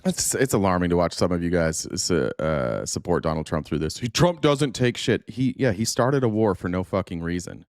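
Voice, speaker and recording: A man's voice: deep voice, lively intonation, moderate pace, hardly any pauses, dry recording, clean studio sound. A man hosting a live stream, heatedly and sarcastically scolding his chat and swearing freely. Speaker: livestream host reacting to news. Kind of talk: profane live-stream rant.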